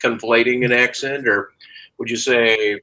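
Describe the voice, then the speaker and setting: A man's voice: medium pitch, steady tone, a little slow, bright, forceful tone, rough recording. A man hosting a casual chat show, rambling and joking, sometimes breaking into sarcastic rants. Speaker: podcast host.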